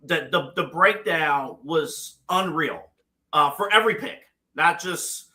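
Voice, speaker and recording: A male podcast host in casual chat who heaps on praise and scatters uh and um through his talk. His voice is a little high and strikingly bright. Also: takes it slowly. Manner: effusive praise, heavy with uh and um.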